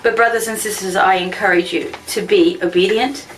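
A woman giving a personal church testimony, telling her story with animated ups and downs. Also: fairly quick, far from the mic, soft background music, low-quality recording. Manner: animated storytelling, voice rising high when excited.

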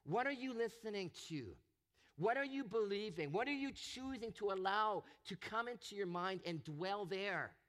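A man preaching a sermon, animated and expressive, acting out the voices he quotes. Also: high-pitched, normal speed. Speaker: pastor.

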